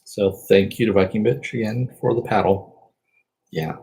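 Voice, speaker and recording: A man's voice: on the low side, normal speed, vocal fry, mellow, breathy edge, rough recording. A man casually recapping a TV episode as a reviewer, rambling along with lots of fillers.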